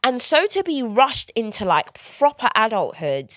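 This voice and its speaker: A woman's voice: mid-range voice, normal speed, hardly any pauses, no echo, studio quality. A woman, guest on a podcast, telling personal stories candidly and acting out what people said. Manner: candid, animated storytelling with quoted asides. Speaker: guest author. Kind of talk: conversational podcast interview.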